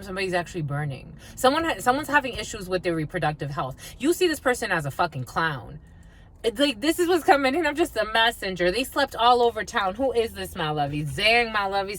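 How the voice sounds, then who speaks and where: A woman's voice: mid-range voice, sing-song, normal speed, a bit bright. A woman giving a channeled tarot reading, blunt and swearing freely, and sometimes half-singing her lines. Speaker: psychic reader.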